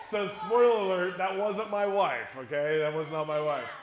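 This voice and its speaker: Male youth speaker with a high voice; lively, jokey storyteller to middle schoolers, recorded in a roomy church space. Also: normal speed. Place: church conference room with an audience. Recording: echoey room.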